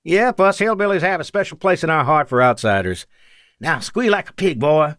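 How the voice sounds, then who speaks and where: A man voicing a young, nervous male fighter pilot with an Appalachian accent, who talks fast and high-strung. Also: expressive, a bit bright, dry recording, studio quality. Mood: joking.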